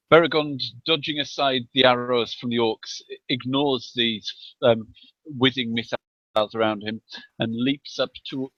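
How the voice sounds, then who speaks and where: Slow, halting man on a dull mic. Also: medium pitch, a bit bright, no echo. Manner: hesitant, halting with many ums. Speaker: player. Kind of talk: tabletop game play.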